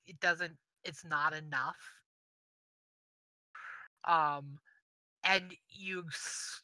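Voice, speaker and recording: A woman narrating as game master of a tabletop game. She speaks slowly and deliberately, with a bright, forward tone. The sound is dry and close. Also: on the low side, no echo.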